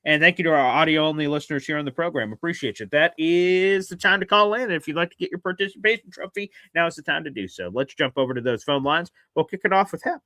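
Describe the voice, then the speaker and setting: A man's voice: a little high, fast talker, few pauses, dry recording. A man hosting a call-in radio show, telling a story casually and acting out the voices in it. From South Carolina. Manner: animated, acts out voices in his stories.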